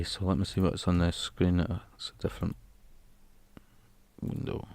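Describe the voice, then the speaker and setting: A man's voice: low voice, a little mellow, no echo. A man chatting casually on a live stream, reading out comments and joking at his own expense. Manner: jokey, laughs at his own attempts at accents.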